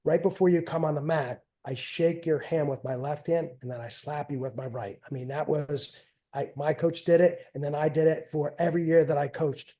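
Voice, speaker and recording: Rambling New dad with a mellow voice. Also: male voice, a little high, fairly even intonation, normal speed. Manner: rambling, repeats phrases, trails off. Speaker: guest, wrestling coach and father. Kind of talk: casual storytelling.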